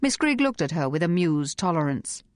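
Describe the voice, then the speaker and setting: A woman narrating an audiobook in a measured, even reading voice. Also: low-pitched, no room sound, studio quality. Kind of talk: scripted narration.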